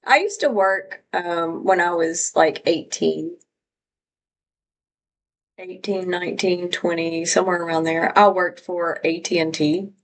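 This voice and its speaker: A woman's voice: on the low side, unhurried, low-quality recording. A woman from Louisiana hosting a live stream, chatting casually and rambling as she greets viewers by name.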